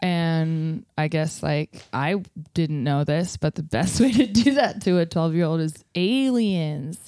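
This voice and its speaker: A woman co-hosting a casual podcast, talking quickly with incredulous remarks and laughing asides. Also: sits low, dark tone, no room sound, clean studio sound. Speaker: podcast co-host. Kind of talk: casual chat.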